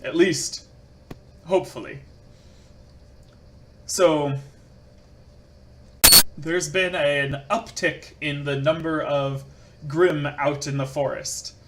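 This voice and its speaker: A man's voice: on the high side, steady tone, slow pace, long pauses, a little hiss or hum. Man voicing a laid-back combat teacher. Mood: explaining. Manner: casual, offhand instructions.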